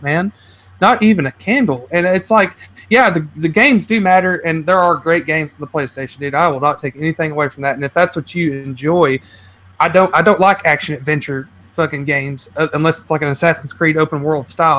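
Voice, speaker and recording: Heated, swearing man venting fast. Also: on the high side, fairly bright tone. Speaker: podcast guest. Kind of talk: casual chat.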